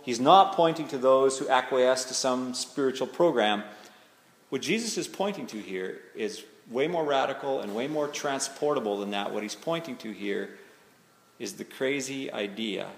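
A man, a pastor, preaching a sermon in a conversational, searching way, slowing down to lean on key words. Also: medium pitch. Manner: conversational and searching, slows down for emphasis. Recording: echoey hall with faint ambience.

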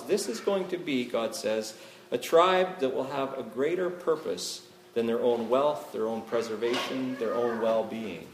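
Canadian male pastor, mid-range voice, chatty sermon delivery with frequent "right?" asides, echoey hall. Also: medium pitch. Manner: conversational, asks "right?" often. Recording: echoey room, faint ambience.

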